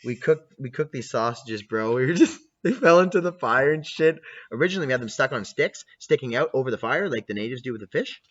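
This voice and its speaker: A man's voice: mid-range voice, lively intonation, quick pace, few pauses, fairly bright tone, muffled recording. A man in his twenties hosting a casual podcast, rowdy and laughing, swearing a lot. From Canada. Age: 20s. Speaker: podcast host. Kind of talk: profane casual chat to camera.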